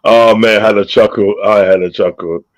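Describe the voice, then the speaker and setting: A man's voice: on the low side, steady tone, brisk, rough recording. Laughing man hosting a live chat. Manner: laughs often, reads out chat shout-outs. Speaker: host. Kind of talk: casual live-stream chat.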